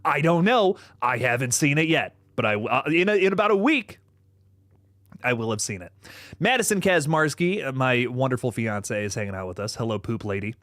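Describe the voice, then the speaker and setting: A man with a medium-pitched voice hosts a casual livestream at a moderate pace, reading viewer comments and rambling in an animated way, swearing freely and laughing often. The recording is studio quality, with no room sound.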